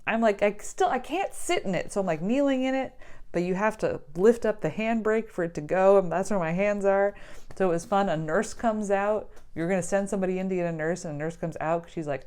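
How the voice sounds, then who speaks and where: A young woman with a low voice tells a personal story to camera in a loose, chatty way. She laughs easily and scatters "like" through her sentences. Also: normal speed, darkish tone. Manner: chatty, laughs often, many "like" fillers. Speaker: vlogger telling her birth story. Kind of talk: casual storytelling.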